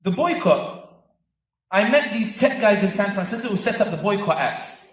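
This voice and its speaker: A man giving an animated, joking public speech to a live audience, with emphatic stretches. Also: sits high, moderate pace. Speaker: guest speaker. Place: large convention centre hall. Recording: echoey hall, voice picked up from far off.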